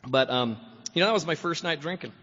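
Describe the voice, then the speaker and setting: A man's voice: on the high side, expressive, brisk, fairly bright tone. Rambling man sharing in an echoey hall. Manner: rambling, full of "you know" fillers, chuckles often. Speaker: guest speaker at a recovery meeting. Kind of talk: personal recovery testimony. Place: meeting hall. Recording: echoey hall, dull lo-fi sound.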